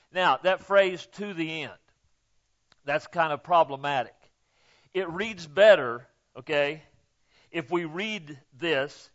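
A man preaching a sermon to his congregation in a folksy, emphatic way, often checking in with "okay?" and swinging from quiet asides to loud, stressed lines. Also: on the high side, takes it slowly, lo-fi sound. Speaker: pastor.

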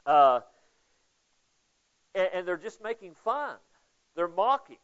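A man's voice: high voice, sing-song, slow pace, long pauses, fairly bright tone. A man preaching a casual, conversational Bible study sermon, asking listeners questions by name. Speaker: pastor. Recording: dull lo-fi sound.

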